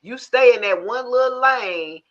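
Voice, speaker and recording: A woman's voice: on the high side, a little slow, lo-fi sound. A woman hosting a casual tarot live stream, telling stories frankly with cussing and checking in with her viewers often. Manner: animated storyteller, frank and cussing, asks the audience for agreement.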